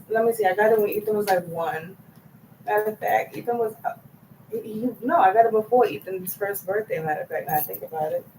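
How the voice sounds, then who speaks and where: A woman's voice: fairly low pitch, darkish tone, slight background noise, poor audio. Woman vlogger, casual chat to camera, profane and rambling, unfiltered.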